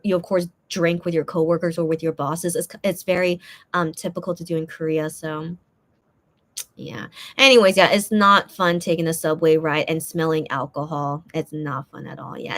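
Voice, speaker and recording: A young woman hosting a live stream, chatting casually and reading out viewer comments, rambling with many restarts and fillers. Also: sits low.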